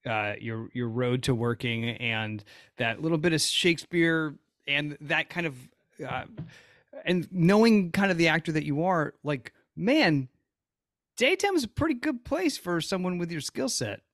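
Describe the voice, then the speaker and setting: A man hosting a podcast who talks thoughtfully and haltingly, searching for his words. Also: a little high, lively intonation, fairly bright tone, no room sound, studio quality. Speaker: podcast host. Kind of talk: casual podcast interview.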